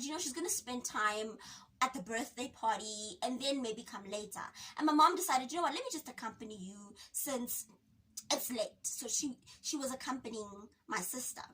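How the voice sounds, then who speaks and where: Young South African woman, storytime vlogger, high pitched, animated, slightly off-mic. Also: slightly rough. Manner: dramatic, expressive, acts out quotes with sudden pitch jumps. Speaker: YouTuber. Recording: voice a bit distant from the mic.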